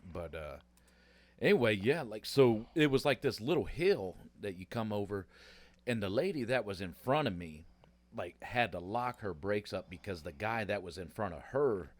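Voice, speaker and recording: A man's voice: on the low side, animated, normal speed, no room sound. A man co-hosting a casual podcast chat, telling a story in a rambling way with many fillers. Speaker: podcast co-host.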